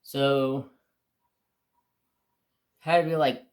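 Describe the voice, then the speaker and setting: A man's voice: medium pitch, level tone, extremely slow. A man casually telling a long personal story on his crafts channel, rambling with restarts and mild swearing. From United States.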